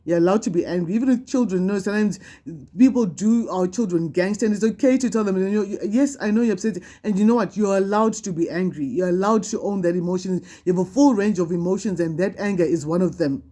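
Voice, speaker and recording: A woman's voice: medium pitch, fast talker, dark tone. A woman doing a spiritual card reading to camera, speaking in a conversational, emphatic way, often repeating herself and restarting sentences. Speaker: tarot card reader.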